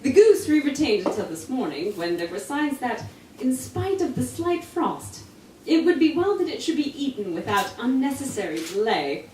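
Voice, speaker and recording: A woman voicing a brisk, cerebral Victorian male detective at a live reading. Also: high-pitched, sing-song, warm tone, a little hiss or hum. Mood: dry, explaining. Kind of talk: live reading with character voices. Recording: echoey room, mic from far off.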